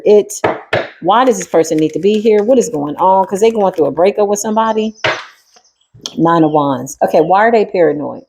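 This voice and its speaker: A woman's voice: mid-range voice, lively intonation, moderate pace, warm tone, slightly rough. A woman doing a spiritual tarot reading in a sassy, streetwise style, talking straight to the viewer and to the spirit. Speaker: tarot reader.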